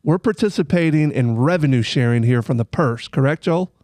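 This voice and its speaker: A man's voice: fairly high pitch, brisk, no room sound. Casual male podcast host, dry sound. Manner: relaxed, casual questions with fillers. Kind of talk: podcast interview.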